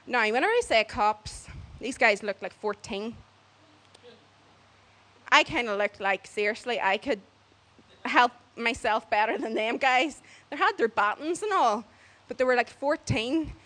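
Lively woman telling a story. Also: a little high, a little slow, pauses often. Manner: lively, acts out other people's voices, laughs as she talks. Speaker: storyteller on a church mission trip. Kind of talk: casual spoken storytelling.

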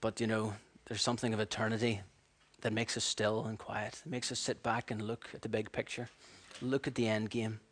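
A man preaching a sermon, animated and storytelling, acting out voices and laughing at his own stories. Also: on the low side, brisk, hardly any pauses, slight background noise.

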